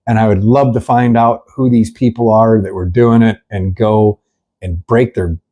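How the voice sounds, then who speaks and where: A middle-aged man talks straight to camera in a husky, mellow voice, grieving and angry. He rambles with lots of fillers and "you know"s, and he swears bluntly. He sounds like an animal rescue worker speaking off the cuff. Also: fairly low pitch, steady tone, normal speed. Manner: earnest, rambling, frequent fillers. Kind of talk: candid talk to camera. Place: sitting with dogs at the rescue.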